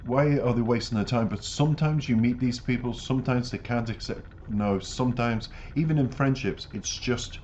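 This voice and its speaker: A man's voice: medium pitch, moderate pace, few pauses, a little mellow. A man hosting a music reaction channel, giving reflective commentary and earnest, emphatic life advice. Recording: dull lo-fi audio with faint noise.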